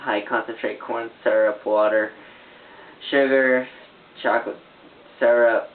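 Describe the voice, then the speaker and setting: A woman's voice: a bass voice, fairly even intonation, a little slow. A woman rambling in her bedroom, distracted and swearing often. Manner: distracted, random, swears a lot. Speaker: first-time vlogger. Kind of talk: rambling casual webcam talk. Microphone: camera propped on a glass on a fan. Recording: tinny, noisy, echoey home webcam.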